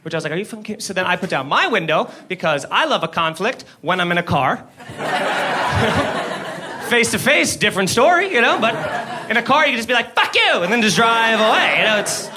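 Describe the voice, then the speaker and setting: A man doing an animated stand-up comedy set, swearing freely, laughing and shouting his punchlines. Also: sits high, moderate pace, very noisy. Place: comedy club stage before a live audience. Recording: live club room with audience laughter.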